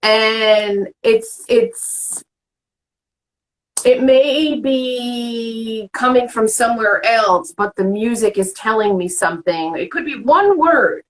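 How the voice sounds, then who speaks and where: Taking her time, a host with a fairly high-pitched voice rambles candidly through a relaxed conversation, performing other people's remarks as she quotes them. The audio quality is poor.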